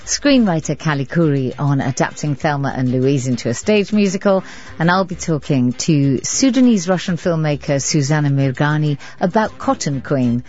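A woman hosting a radio arts show, asking questions in an inquisitive, brisk way. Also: deep voice, animated, darkish tone. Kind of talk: radio interview. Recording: dry, dull sound with faint music.

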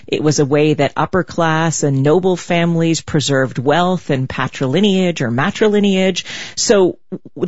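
Measured interviewer woman, dry sound. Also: low-pitched, darkish tone, no room sound, muffled recording. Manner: measured, prepared questions. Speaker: interviewer host. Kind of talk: broadcast interview.

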